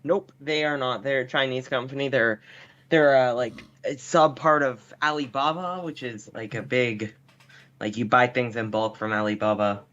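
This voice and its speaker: A man's voice: medium pitch, steady tone, moderate pace, fairly bright tone. A Canadian man whose first language is French, a podcast guest talking laid-back and casual, filling his talk with likes and rights. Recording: dull lo-fi remote audio.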